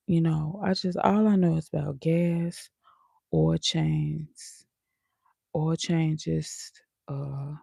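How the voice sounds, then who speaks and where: A woman's voice: sits low, steady tone, very slow, creaky, mellow, dry recording, clean studio sound. A woman vlogger in casual live-stream chat, talking in a chatty, sassy way with laughing asides.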